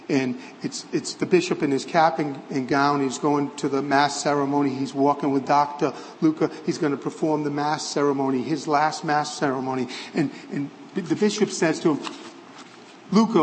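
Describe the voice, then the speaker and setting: A man's voice: on the high side, fairly even intonation, moderate pace, a little hiss or hum. Earnest male preacher in a reverberant church. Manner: earnest storytelling, some stammered restarts. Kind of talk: sermon, retelling a film scene.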